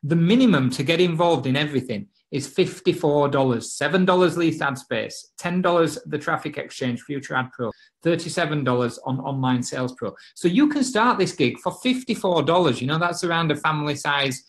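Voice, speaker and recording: A man's voice: a little high, expressive, a little fast. A man with a British accent co-hosting a live marketing stream, chummy and encouraging as he gives viewers their next steps. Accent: British English. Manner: chummy and encouraging, says mate. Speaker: co-host of a marketing webinar. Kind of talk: casual live-stream sales talk.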